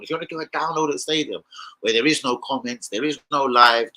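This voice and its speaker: Man, very bright sharp voice, rambling slangy storyteller, swears a lot, live-stream chat. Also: mid-range voice, fairly quick, low-quality recording. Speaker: football fan channel host.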